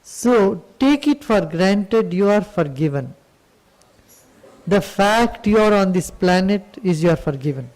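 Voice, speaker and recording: A man giving a spiritual talk as a teacher, telling a story in a gentle, unhurried storytelling manner. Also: high voice, expressive, rough recording.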